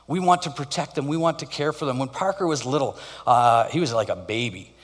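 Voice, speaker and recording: A male pastor giving a conversational sermon with animated storytelling. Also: medium pitch, brisk, in a large hall.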